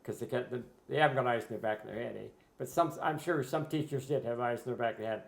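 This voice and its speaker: A man's voice: mid-range voice, fast talker, vocal fry. A man from Canada, reminiscing in a rambling, casual way with frequent restarts. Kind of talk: casual conversation. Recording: roomy echo.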